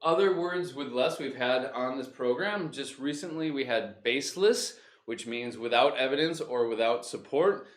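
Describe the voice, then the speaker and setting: A man's voice: mid-range voice, normal speed. A man hosting a casual, improvised English vocabulary lesson, explaining news headlines playfully and acting out words. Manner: playful, animated, acts out words. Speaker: English teacher and host. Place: home room. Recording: echoey room.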